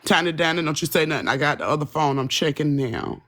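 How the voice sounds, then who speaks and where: A woman's voice: low voice, fast talker, a bit bright. A woman hosting a live stream, chatting casually and profanely with her viewers and rambling from one thing to the next. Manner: profane, rambling, talks straight to her chat.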